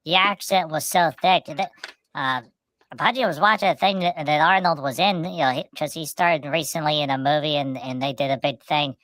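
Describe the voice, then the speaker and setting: A woman's voice: low-pitched, normal speed, a bit bright. A woman co-hosting a casual talk show, telling long stories full of fillers and restarts. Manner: rambling storytelling with many fillers. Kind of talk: casual chat.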